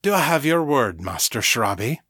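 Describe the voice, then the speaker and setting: A man's voice: medium pitch, very animated, moderate pace, bright, forceful tone, husky, no room sound, clean studio sound, full character voice. A man voicing a stern old sorcerer in an audiobook, speaking firmly and in a businesslike way. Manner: firm and businesslike.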